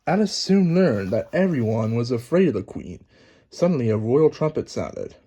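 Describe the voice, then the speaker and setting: A man narrating a children's storybook aloud in a lively, expressive reading. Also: medium pitch, moderate pace. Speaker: storybook reader.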